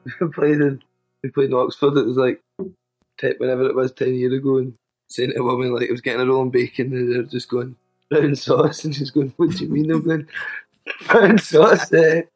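A man with an ordinary mid pitch who rambles through a story, laughing as he goes. Faint music plays behind him. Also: level tone, fast, a little mellow. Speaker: podcast co-host. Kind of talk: casual anecdote telling.

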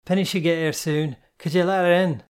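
A reader voicing a fierce, gruff woman who bellows and threatens. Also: medium pitch, steady tone, brisk, lightly acted. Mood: calling out. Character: fierce gruff woman, protective club worker. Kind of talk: audiobook character voice.

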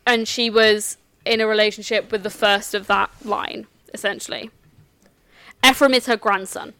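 A woman acting as game master, calmly explaining the characters and rules of a tabletop game with some restarts. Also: medium pitch, normal speed, smooth, no echo.

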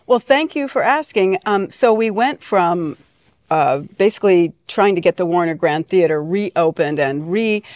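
A woman's voice: fairly low pitch, expressive, measured pace, a little mellow, dry recording. A middle-aged woman from Connecticut, guest in an interview, telling her story with many fillers and restarts. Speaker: foundation leader, guest. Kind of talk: conversational interview. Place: venue hall.

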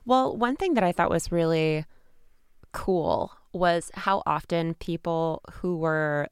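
A woman's voice: on the low side, slow pace, clear, resonant tone, no room sound, studio quality. A woman hosting a casual interview, asking curious, conversational questions. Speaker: podcast host.

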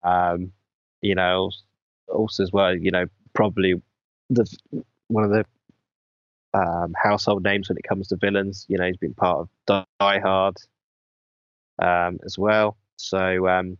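A man in casual interview chat, talking hesitantly with many pauses and restarts. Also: deep voice, little pitch movement, clear, resonant tone, no echo. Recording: dull dry lo-fi sound.

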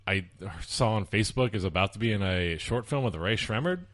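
A low-voiced man co-hosts a podcast in a casual tone. He introduces the guest and pokes at him with dry, teasing questions. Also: expressive, brisk, a bit bright. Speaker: podcast co-host.

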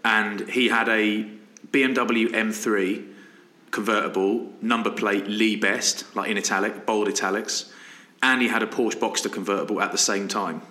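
A man in his thirties chats on a podcast, spinning anecdotes and slipping into his friends' voices. His voice is bright and fairly low. The room around him sounds echoey. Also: steady tone, normal speed. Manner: storytelling, laughs often, acts out quoted friends. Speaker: podcast co-host. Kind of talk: casual chat.

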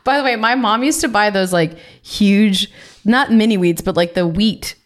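A young woman co-hosting a podcast, chatting casually. She talks quickly and loosely, with plenty of filler words, in an easygoing conversational way. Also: medium pitch. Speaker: podcast co-host. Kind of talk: casual chat.

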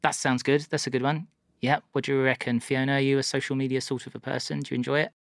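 A woman's voice: a bass voice, little pitch movement, fast talker, dry recording, clean studio sound. A woman hosting a podcast, reading out listener questions and encouraging her guests. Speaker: podcast host. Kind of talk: casual chat.

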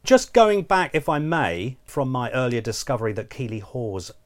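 A man's voice: mid-range voice, sing-song, moderate pace, loud music behind the voice. A man co-hosts a casual trivia podcast. He speaks with a dry, mock-formal politeness. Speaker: podcast co-host.

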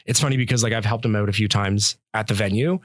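A man's voice: fairly low pitch, fast, no room sound, clean studio sound. A man from rural Ontario, a chef chatting casually as a podcast guest, rambling with lots of fillers. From rural Ontario, Canada.

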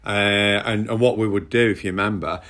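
Male co-host, low voice, earnest and explanatory. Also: quick pace, fairly bright tone. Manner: earnest, repeats words when explaining. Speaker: co-host and workshop leader. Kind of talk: casual podcast chat.

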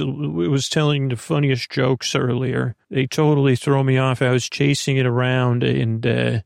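Brief: actor as a chatty scatterbrained fairy, rambling, a touch of fry, dry studio sound. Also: mid-range voice, darkish tone, dry recording, close to an everyday voice. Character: dreamy scatterbrained fairy herbalist. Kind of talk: audio drama acting.

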